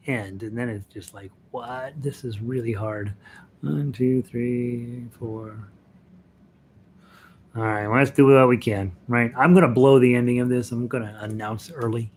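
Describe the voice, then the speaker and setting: A man's voice: mid-range voice, a little mellow, slight background noise. Chatty man leading a ukulele class. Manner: chatty and encouraging, laughs often, counts in the songs. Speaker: ukulele group leader. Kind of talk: casual online music class.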